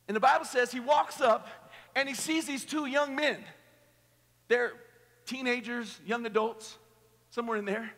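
A male pastor with a very high, bright, ringing voice preaches to a youth camp crowd. He jokes around and leads the room in call-and-response. The sound carries a long hall echo. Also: normal speed, long pauses. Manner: playful, joking, rallying the crowd. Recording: echoey hall.

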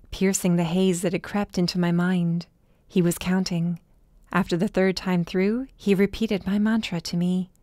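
A woman narrating a first-person audiobook in a measured, even way. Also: on the low side, dry recording, studio quality.

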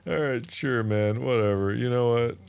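A man in his thirties streaming a game, bantering and teasing his co-player with loud outbursts. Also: mid-range voice, normal speed, creaky, clear, resonant tone. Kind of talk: casual gaming banter.

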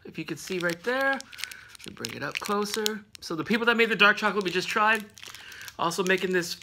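A man's voice: high-pitched, lively intonation, a little fast, noisy background. A man hosting a casual snack review vlog at home, rambling with lots of fillers and laughing often.

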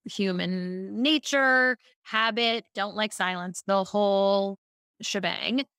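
A Baltimore woman who works as a speaking coach tells stories during a casual podcast interview, acting out quotes with animation. Her medium-pitched voice is slow, clear and resonant, with no echo and clean studio sound.

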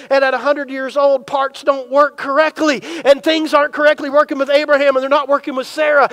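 A man preaching a sermon, telling the story in a lively way and acting out imagined dialogue. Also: extremely high pitch. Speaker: pastor.

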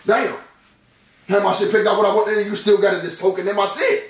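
Angry dude yelling fast, high voice, cussing nonstop, echoey room, mic kinda far. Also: male voice. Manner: loud, profane, repeats himself. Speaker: husband in a prank vlog. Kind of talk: angry ranting argument.

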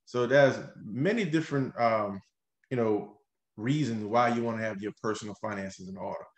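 Energetic man, roomy radio studio. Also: on the low side, moderate pace. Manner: energetic, explains things step by step, keeps tagging lines with "right?". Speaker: mortgage lender and show host. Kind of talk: conversational radio show talk.

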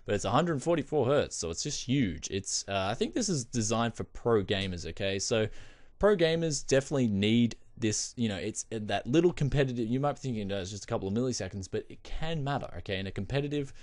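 A young man hosting a casual tech vlog, chatting to viewers as "guys" with animated asides. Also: medium pitch, fairly quick, dry recording. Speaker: tech video host.

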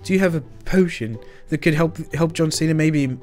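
Excitable young man, slangy game roleplay. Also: a little high. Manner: excitable, slangy, quick shifts between shouting and muttering. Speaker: roleplay host. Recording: faint music behind.

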